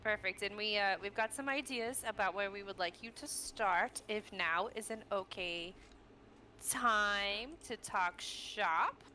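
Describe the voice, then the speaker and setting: A woman playing a tabletop game, brisk and reassuring with the others. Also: medium pitch, pushed and bright, slight background noise. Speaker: player. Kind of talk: tabletop role-play.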